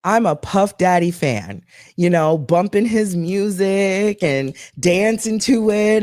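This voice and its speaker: A woman hosting a casual talk show, telling a gossipy story in an animated way and acting out what others said. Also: medium pitch, takes it slowly, no echo, clean studio sound. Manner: animated, gossipy, acts out quotes. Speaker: show host.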